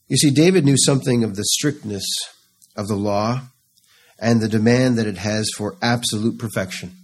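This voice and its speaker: Male preacher, sermon, low-pitched, slow measured delivery, fervent pleading. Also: husky. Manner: slow, rising to fervent pleading in quoted psalms.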